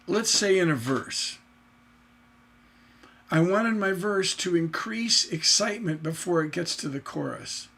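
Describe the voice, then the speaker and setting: A man teaches songwriting on a livestream with a gravelly, fry-edged voice that sits a little high for a man. He talks slowly and thinks out loud, breaking into animated chanted rhythms to make his point.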